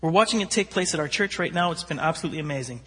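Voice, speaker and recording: A man preaching, telling a story with animated voices for its characters. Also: a little high, rapid-fire, slightly rough. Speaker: pastor. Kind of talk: sermon storytelling. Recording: long hall reverb.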